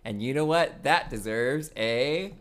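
A woman co-hosting a podcast quiz in casual chat, lively and teasing. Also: a bass voice, a little slow. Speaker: podcast co-host.

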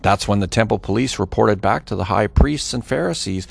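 Male reader for scripture audio, gravelly texture, lively melodic reading, dramatic delivery. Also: on the low side, a little fast, no echo. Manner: dramatic, varied delivery with voiced quotes.

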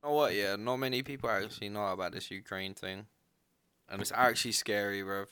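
Young man, laid-back slang, lowish pitch, bright forceful tone, podcast chat. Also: brisk, clean tone. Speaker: podcast co-host. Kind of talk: casual podcast banter.

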